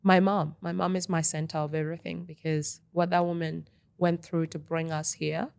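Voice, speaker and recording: Gravelly energetic young woman guest. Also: lowish voice, moderate pace, no echo. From Australia. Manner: energetic, talkative, frequent "like". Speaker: interview guest. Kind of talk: casual interview chat. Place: podcast studio.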